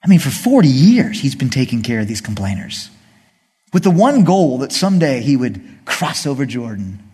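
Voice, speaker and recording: A male pastor preaching a sermon to a congregation in an animated way, acting out the people and God as he goes. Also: medium pitch, normal speed, breathy edge, big-room sound.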